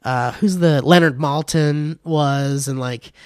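A man's voice: on the high side, slow pace, clean tone, no echo, studio quality. A man co-hosting a podcast in casual chat, rambling and swearing between laughs. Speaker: podcast co-host.

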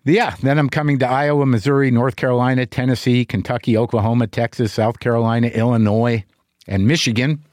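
A man's voice: mid-range voice, steady tone, brisk, a little mellow, no room sound, clean studio sound. Candid middle-aged man, rambling and profane. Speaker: podcast host. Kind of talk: casual monologue.

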